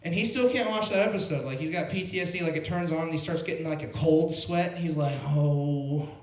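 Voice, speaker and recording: A man's voice: on the high side, fast. A young man doing stand-up at an open mic in a small club, telling a rambling, laid-back story full of "like" and "bro". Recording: roomy club sound.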